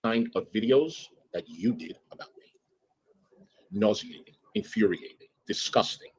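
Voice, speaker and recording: Indignant man with a husky voice. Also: fairly low pitch, very animated, unhurried, rough recording. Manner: indignant, accusatory, repetitive. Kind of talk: ranting live stream talk.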